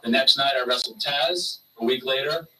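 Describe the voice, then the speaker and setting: A man spins animated stories in a casual chat, switching into the voices of the people he quotes. His voice is very bright and forceful. He sits a little back from the mic, with a faint hiss underneath. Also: mid-range voice, normal speed, far from the mic, rough recording. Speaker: wrestler telling stories on a stream. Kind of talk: casual storytelling.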